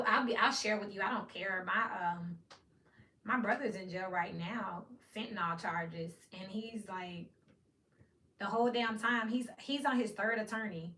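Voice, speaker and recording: Blunt woman reading tarot. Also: medium pitch. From Memphis, United States. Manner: blunt, profane, animated, acts out quoted voices. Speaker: tarot reader. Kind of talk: casual tarot reading monologue. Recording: echoey room, mic at a distance, faint hiss.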